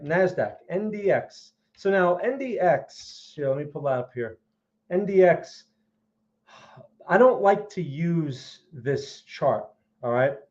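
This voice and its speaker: A man's voice: on the high side, darkish tone, lo-fi sound. A man hosting a live market analysis stream, speaking emphatically and often checking in with "okay?" and "right?". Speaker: trading analyst host.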